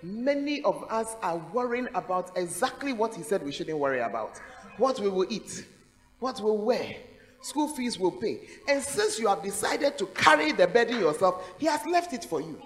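A woman's voice: mid-range voice, moderate pace, in a large hall, poor audio. A woman with a Ghanaian accent preaching a sermon in a large church, calling out to the congregation and laughing as she speaks. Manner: animated, calls out "Hey!", laughs while preaching.

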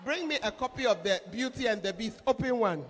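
A woman pastor preaching a sermon in a lively, shouting, laughing manner. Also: fairly high pitch, fairly quick, background noise. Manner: animated, shouts and laughs often. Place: church hall with congregation. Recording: reverberant hall, faint crowd.

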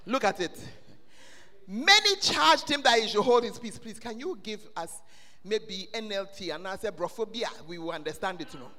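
A man preaching a sermon in a church, swelling into loud, sing-song shouting. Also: high-pitched, animated, moderate pace. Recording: long reverb of a church hall.

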